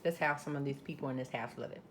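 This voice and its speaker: A woman's voice: very deep voice, racing, noisy background. A woman with a Southern US accent hosting a casual cooking video, chatting to viewers as she works. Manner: chatty, addresses viewers as y'all. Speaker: cooking channel host.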